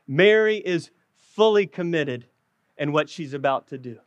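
A preacher, a man whose voice sits high for his sex, delivers a sermon with fervor. He often sinks low and slows right down to stress a point. The sound is dry and close, with no room echo. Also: expressive, highs cut off. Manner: passionate preaching, dropping low and slow for emphasis. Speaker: pastor.

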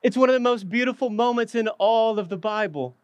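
A preacher, a man whose voice sits high for his sex, delivers a sermon with fervor. He often sinks low and slows right down to stress a point. The sound is dry and close, with no room echo. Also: lo-fi sound. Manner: passionate preaching, dropping low and slow for emphasis. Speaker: pastor.

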